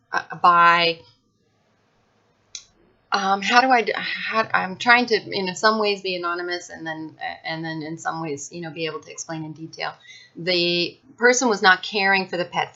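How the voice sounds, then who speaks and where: A woman's voice: medium pitch, bright, forceful tone, lo-fi sound. A woman speaking frankly and emphatically about her own experience in a casual talk to camera, with many fillers and restarts. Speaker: vlogger sharing personal experience.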